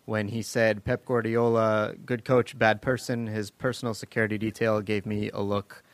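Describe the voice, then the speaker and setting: A man with a fairly low voice hosts a relaxed panel chat. He tells stories loosely, with fillers and laughter. The sound is dry and close to the mic. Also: moderate pace, no room sound. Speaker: podcast host.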